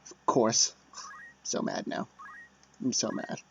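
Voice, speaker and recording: A man's voice: slow, fairly bright tone, a little hiss or hum. A man casually commenting on a strategy game as he plays, chatty and self-deprecating, often muttering under his breath. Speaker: let's play commentator. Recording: dull lo-fi dry mic.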